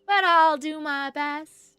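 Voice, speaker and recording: A woman reading out a calm, thoughtful female game villager in a slow, soft-spoken way. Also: high voice, no room sound, full character voice. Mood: measured. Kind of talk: reading game dialogue aloud.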